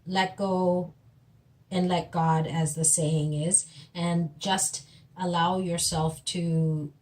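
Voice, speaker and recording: A woman giving a tarot reading in a gentle, reassuring, unhurried way, repeating words and pausing as she goes. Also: lowish voice, little pitch movement. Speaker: tarot reader. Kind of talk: slow, soothing tarot reading.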